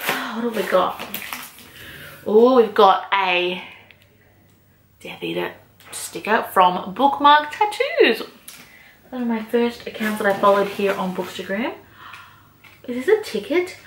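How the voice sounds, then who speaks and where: A young woman vlogger chatting excitedly through an unboxing, gushing and exclaiming, with casual swearing. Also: a little high, a little slow, pauses often. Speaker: book vlogger. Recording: echoey room, faint noise.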